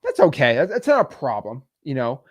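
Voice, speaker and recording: A man giving a casual coaching talk on cold calling, chatty, with quick asides and frequent laughs. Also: medium pitch, wildly swooping pitch, no room sound.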